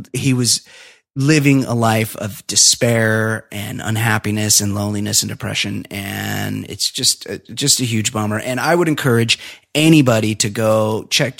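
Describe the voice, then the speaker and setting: A man talks through a casual podcast, rambling and swearing freely as he gets worked up. His voice sits at an ordinary middle pitch. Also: creaky, a bit bright. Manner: profane, rambling, emotional rants. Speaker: podcast host.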